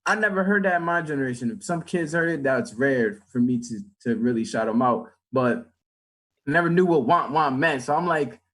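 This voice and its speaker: A young man co-hosting a casual talk show, excitable and slangy, laughing often. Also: mid-range voice, a little fast. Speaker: show co-host. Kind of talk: casual chat.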